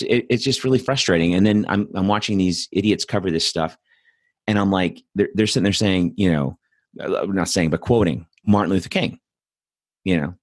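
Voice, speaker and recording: A man's voice: low-pitched, no echo, clean studio sound. A man hosting a show with ranting political commentary. He swears a lot, sounds angry and sarcastic, and stumbles over repeated words. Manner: angry, profane, sarcastic, with stuttered restarts. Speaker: host. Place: home in Austin.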